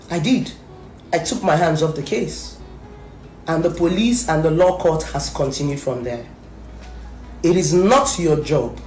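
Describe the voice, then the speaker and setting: This social media commentator has a low, slightly mellow voice and a Nigerian accent. She launches a fierce, accusatory rant at the camera, repeating herself to hammer each point, in an echoey space with faint background music.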